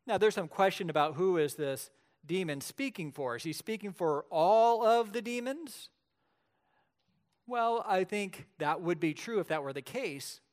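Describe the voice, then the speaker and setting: Man, preacher, sermon, fairly high pitch, animated storytelling, loud-soft swings. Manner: lively storytelling preacher, shifts between loud and quiet. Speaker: pastor.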